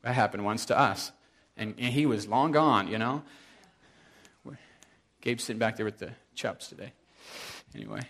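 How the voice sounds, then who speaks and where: Animated, conversational male preacher. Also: fairly low pitch, moderate pace, long pauses. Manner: conversational, animated storytelling with asides to the congregation. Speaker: pastor. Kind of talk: sermon.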